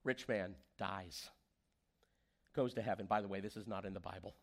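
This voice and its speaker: A man's voice: on the low side, rapid-fire, creaky, noisy background. A man preaching a sermon as pastor, telling stories and acting out the quoted voices. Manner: animated storyteller, acts out quoted voices.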